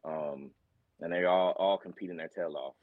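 A man's voice: deep voice, normal speed, dry recording, narrow, tinny audio. A young man from Tennessee, a college linebacker, talking casually in an interview with many fillers. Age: young adult. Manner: relaxed, rambling with many fillers.

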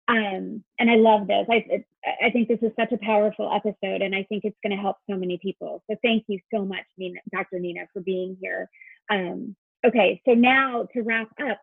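A woman's voice: medium pitch, gravelly, breathy edge, no echo. A woman podcast host interviewing a guest, talking in a hesitant way with many fillers. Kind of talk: interview conversation. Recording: dry tinny phone line.

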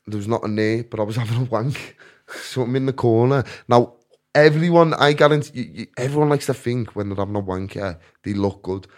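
A man's voice: mid-range voice, fairly quick, darkish tone. Rambling man telling stories. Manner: rambling, self-mocking, frequent restarts and laughter. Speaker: podcast guest telling stories. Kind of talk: casual storytelling chat.

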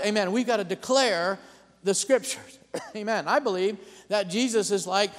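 A man preaching a sermon as pastor, calling out amens and building to loud declarations. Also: sits high, normal speed, in a large hall.

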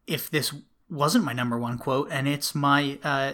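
A man's voice: medium pitch, steady tone, unhurried, sharp tone. A man co-hosting a podcast in casual chat, laughing often and eager to play along. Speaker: podcast co-host.

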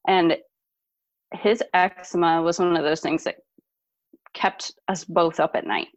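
A woman in her thirties, a guest on an interview show, telling a personal story in an animated way with frequent laughs. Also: on the low side, a little slow, no room sound. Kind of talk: podcast interview. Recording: dull lo-fi dry sound.

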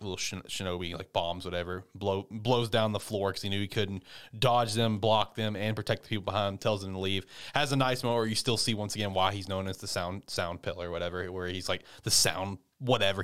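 A man's voice: fairly even intonation, quick pace, fairly bright tone, clear, resonant tone. Rambling, swearing man recapping anime. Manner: rambling, profane, acts out characters in squeaky high voices. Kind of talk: casual anime recap chat.

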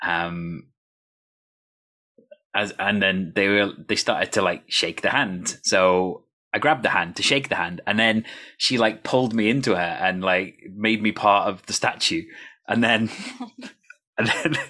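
A man's voice: fairly low pitch, a little slow, long pauses, pushed and bright. A man hosting a podcast, talking casually with many hesitations and laughing along with his guest. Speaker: podcast host. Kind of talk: casual interview chat.

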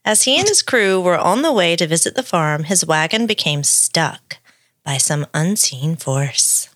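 A woman's voice: lowish voice, lively intonation, measured pace, fairly bright tone, no echo, studio quality. A woman co-hosting a podcast, reading a story aloud with playful asides. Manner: reads the script with playful asides. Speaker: podcast co-host.

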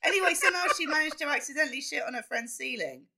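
A woman, a podcast co-host telling stories in an animated, giggly way. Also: high voice, racing, noisy background. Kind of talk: casual banter.

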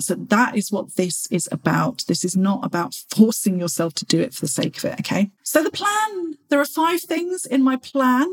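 A woman's voice: a little high, normal speed, few pauses, breathy edge. A woman, hosting a fitness podcast in a chatty, encouraging way. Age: 40s. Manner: chatty and encouraging, acts out her own inner voice. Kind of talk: motivational solo podcast talk.

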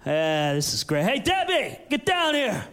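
A man's voice: high-pitched, wildly swooping pitch, measured pace, fairly bright tone, clean tone, voice pushed down, heavily acted. A man doing a contented old neighbor. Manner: lazy, contented drawl, then gleeful hollering. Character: content older male neighbor in a bathrobe.

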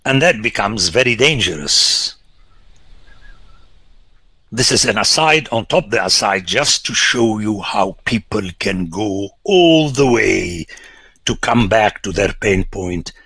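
A man, a priest, giving an emphatic biblical lecture, swinging between loud exclamations and hushed whispers. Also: fairly low pitch, animated, husky, no echo. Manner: slow, deliberate, rhetorical.

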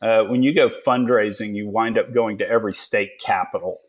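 Speaking at a normal pace in a fairly low, even-toned voice, a forties-aged Texan man chats as an interview guest. He's an energy investor who tells his stories in a joking, folksy style with plenty of fillers.

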